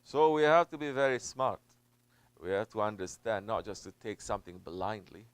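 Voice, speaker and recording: A man's voice: animated, moderate pace, clean tone, no room sound. Emphatic man preaching a sermon. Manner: emphatic, swings from low murmurs to loud stressed peaks; repeats and restates phrases for stress. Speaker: Sufi teacher. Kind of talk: sermon answering a question.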